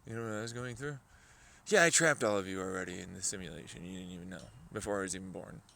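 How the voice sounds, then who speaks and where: A man's voice: low-pitched, quick pace, gravelly, bright, forceful tone, slight background noise. A man rambling profanely to himself, talking back to imagined voices in a casual vlog. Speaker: vlogger.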